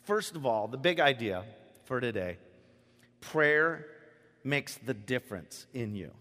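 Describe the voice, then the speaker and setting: A pastor giving a sermon with lively, animated delivery that swings between hushed reflection and loud emphasis. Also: male voice, medium pitch, slow. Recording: long reverb of a large hall.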